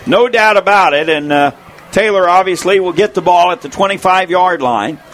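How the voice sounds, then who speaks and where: A man calling play-by-play at a football game, quick and excited, shouting on big plays, his voice going hoarse. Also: high-pitched. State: losing his voice. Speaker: play-by-play announcer. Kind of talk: play-by-play sports commentary.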